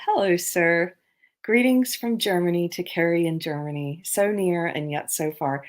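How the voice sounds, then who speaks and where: A woman's voice: fairly low pitch, lively intonation, normal speed. A woman hosting a casual livestream, chatting and reading viewer comments aloud with frequent laughter. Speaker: livestream host. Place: abroad on a trip.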